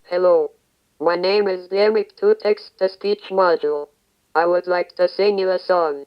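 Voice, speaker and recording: A female text-to-speech voice introducing itself as a speech module, with a flat mechanical delivery. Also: fairly low pitch, a little slow, natural voice. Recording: dull lo-fi speaker playback.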